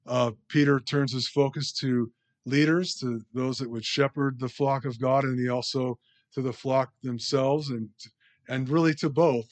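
A man preaching a conversational sermon as a pastor, rambling a bit, with many fillers and restarts. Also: mid-range voice.

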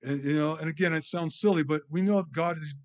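Man, preacher, informal sermon, slightly higher voice, halting, chatty. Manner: conversational, halting, restarts words, chuckles.

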